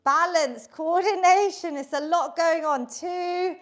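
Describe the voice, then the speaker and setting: A woman's voice: very high-pitched, takes it slowly. A woman leading an online exercise class, upbeat and encouraging, counting down reps and a little out of breath from moving along. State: slightly out of breath while exercising. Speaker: fitness instructor. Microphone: video call setup.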